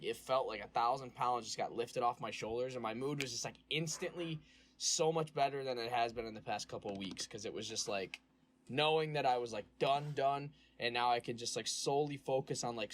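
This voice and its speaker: A man's voice: medium pitch, slight background noise. A young man co-hosting a podcast, telling stories in casual chat, acting out quoted lines and swearing freely. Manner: animated storyteller, acts out quotes, swears freely. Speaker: podcast co-host.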